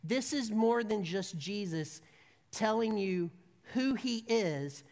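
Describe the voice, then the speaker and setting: A woman's voice: medium pitch, lively intonation, slow, vocal fry, a little mellow. Woman preacher in an echoing hall. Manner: conversational storytelling, humorous then earnest. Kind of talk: sermon. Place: church sanctuary. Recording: long reverb of a large hall.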